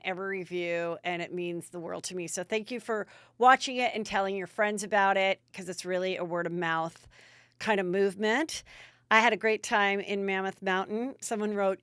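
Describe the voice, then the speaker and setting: A middle-aged woman hosting a gossip podcast, chatty and animated, talking into a studio microphone. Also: mid-range voice, clean tone, no echo. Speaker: podcast host.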